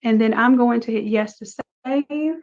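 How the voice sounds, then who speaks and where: Woman, design instructor, live class; casual and chatty, narrates each click; a bit high-pitched; muffled stream audio. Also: a little slow, a little mellow. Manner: casual, chatty, talks through each step. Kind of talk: live screen-share tutorial.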